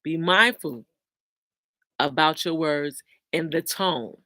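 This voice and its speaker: Host, slow and emphatic, with a preachy casual talk style and scripture quotes; dry, close sound. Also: mid-range voice, pushed and bright, no echo. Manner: emphatic, repeats key lines, preachy. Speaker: host reading viewer comments.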